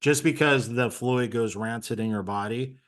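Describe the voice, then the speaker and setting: A man's voice: mid-range voice, normal speed, a bit bright. A man speaking as an interview guest, telling his story in an earnest, conversational way with plenty of fillers. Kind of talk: candid personal story.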